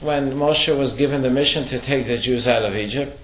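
A man's voice: medium pitch, brisk, fairly bright tone. A man teaching a Torah lesson to a class, asking questions and telling stories with acted-out quotes. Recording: echoey room.

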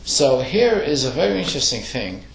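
A man with a mid-range, gravelly voice teaches a casual religious study class, speaking briskly in a sing-song way. He keeps the tone conversational, asking the group questions as he explains, and the sound is roomy.

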